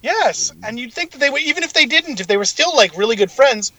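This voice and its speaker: High, lively, exasperated man podcaster. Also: fairly quick, no echo, poor audio. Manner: exasperated, blunt, swears a lot. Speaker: podcast co-host. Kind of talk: casual chat.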